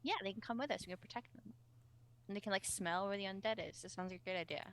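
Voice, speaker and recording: A woman playing a tabletop game, eager and excitable as she talks. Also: medium pitch, fast. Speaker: player. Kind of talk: casual tabletop game chat.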